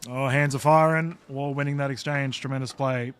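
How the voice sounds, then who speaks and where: A man doing live play-by-play commentary for a sports stream, chatty with quick joking asides. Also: medium pitch, fairly even intonation, slight background noise.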